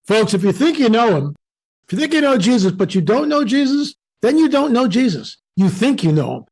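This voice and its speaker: An emphatic American man talks in an animated preaching way and often acts out the voices of people he quotes. His voice sits high for a man. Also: brisk, breathy edge, rough recording. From United States. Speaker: guest speaker.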